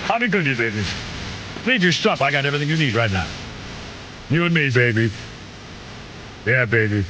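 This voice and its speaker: A man's voice: mid-range voice, big pitch swings, brisk, bright, forceful tone, a little hiss or hum. A man putting on a sultry, crooning lover voice. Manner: sultry, crooning come-ons. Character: smooth-talking lovestruck male crooner.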